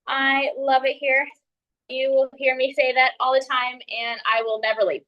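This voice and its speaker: A woman's voice: high-pitched, little pitch movement, moderate pace, highs cut off. A young woman with a Texan accent giving a friendly, earnest ice-breaker speech at a public speaking club. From San Antonio, Texas. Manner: friendly, earnest, laughs between points. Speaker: Toastmasters speaker.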